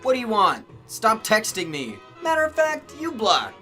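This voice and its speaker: A woman's voice: a little high, huge pitch swings, moderate pace, fairly bright tone, faint music behind. A woman voicing a fed-up man on a dating app who answers bluntly.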